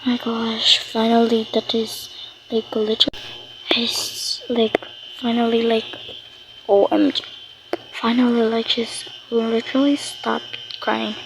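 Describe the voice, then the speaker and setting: A woman's voice: on the high side, level tone, a little slow, noisy background. A woman narrating a toy role-play game in a chatty way, talking to viewers with many fillers.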